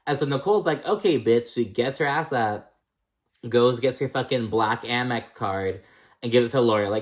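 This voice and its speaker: A man's voice: mid-range voice, animated, moderate pace. A man recapping reality TV in casual chat, blunt and sassy, swearing a lot and calling people "girl".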